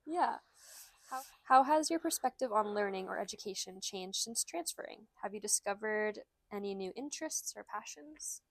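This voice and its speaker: A woman's voice: mid-range voice, animated, normal speed, a bit bright, dry recording. A young woman, a peer mentor, interviewing a student in a chatty, giggly, informal way. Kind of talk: casual interview chat.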